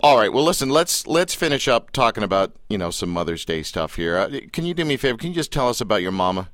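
A man's voice: medium pitch, sing-song, quick pace, fairly bright tone, no room sound, studio quality. A man hosting an interview, asking questions in a loose, conversational way. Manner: conversational, with filler and restarts. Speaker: host. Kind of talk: casual interview.

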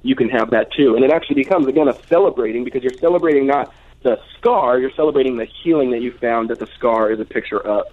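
A man's voice: medium pitch, fast talker. A man in his twenties, a guest author speaking over the phone, earnest with many restarts. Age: 20s. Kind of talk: phone interview. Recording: dull phone line.

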